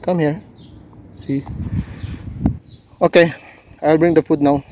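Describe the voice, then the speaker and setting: A man filming a casual vlog outdoors on a seafront, talking gently and coaxingly to stray cats while narrating on a handheld phone. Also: on the high side, fairly even intonation, takes it slowly, lo-fi sound, noisy background. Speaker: vlogger feeding stray cats.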